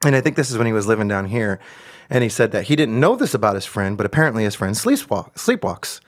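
A man's voice: fairly low pitch, very animated, quick pace. A young adult man hosting a podcast, telling a story in casual chat and swearing freely. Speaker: podcast host.

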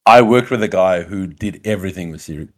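Casual podcast co-host, man, English South African accent, animated storyteller, lowish voice. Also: quick pace. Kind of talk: casual chat.

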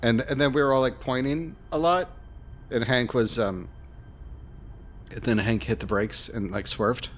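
A man playing in a tabletop game, describing his character in a casual, halting way. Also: mid-range voice, slight background noise. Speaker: player.

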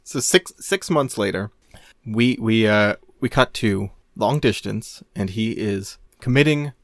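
A man's voice: lowish voice, unhurried, dry recording, studio quality. A man on a casual podcast telling a long rambling story, laughing often and restarting his sentences. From Maine, USA. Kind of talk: casual chat.

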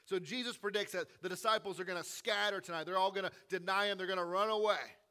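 Bright-voiced male pastor preaching. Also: sits high, fairly even intonation, quick pace, clean tone. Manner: retells scripture with a storyteller's drama, dropping to a hush; conversational preaching with casual asides. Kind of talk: Easter sermon.

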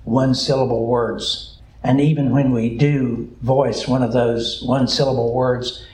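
A pastor from the American South with a Southern accent, preaching a sermon in a slow, deliberate drawl that repeats its key phrases. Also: male voice, mid-range voice, little pitch movement, a little mellow, roomy sound, slight background noise, poor audio.

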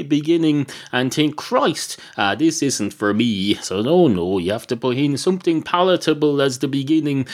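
An Irish man hosting a podcast, talking through a rambling, self-mocking comic monologue full of digressions. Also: fairly high pitch. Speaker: podcast host.

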